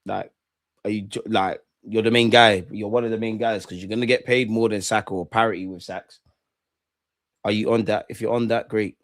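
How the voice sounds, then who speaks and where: A man streaming a live football watchalong, talking in excitable, gloating banter full of slang. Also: lowish voice, normal speed, dry recording.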